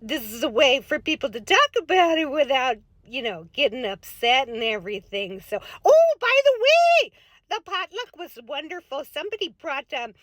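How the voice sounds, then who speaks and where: A woman's voice: high-pitched, expressive, normal speed, few pauses, fairly bright tone, dry recording. A woman from Minnesota with a Minnesotan accent, talking in a folksy, rambling way to her viewers as a spiritual medium. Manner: folksy, chatty, rambling with many fillers. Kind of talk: casual monologue to camera.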